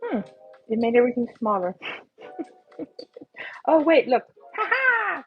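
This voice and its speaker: A young woman hosting a casual live drawing stream, bubbly and excitable, chatting to viewers as she draws. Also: high voice, moderate pace, long pauses. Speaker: livestream doodling host. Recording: slightly muffled, faint music behind.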